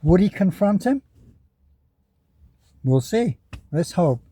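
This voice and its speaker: Mellow, rambling male vlogger. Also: high-pitched, sing-song, slow pace, husky, no room sound. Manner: chatty, chuckles often, trails off. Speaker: vlogger commenting on other YouTubers. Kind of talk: casual rambling commentary. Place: parked car.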